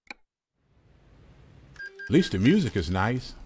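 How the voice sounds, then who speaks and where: A man's voice: medium pitch, slow, long pauses, husky. A man giving casual commentary while playing a truck-driving game, muttering to himself and getting exasperated. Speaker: gaming channel host. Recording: steady engine noise behind the voice. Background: truck engine and road noise from the game.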